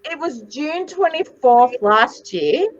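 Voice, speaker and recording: A woman in her forties, a psychic medium guest, telling stories in a dramatic, animated way and swearing freely on a video call. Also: high voice, slow, muffled recording. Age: 40s. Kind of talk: casual video interview chat.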